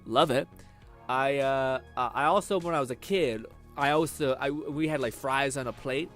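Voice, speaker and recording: A man's voice: medium pitch, moderate pace, a bit bright, soft background music. A young man streaming a game, chatting casually with viewers, rambling, swearing and laughing often. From Canada. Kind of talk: casual chat reading viewer comments.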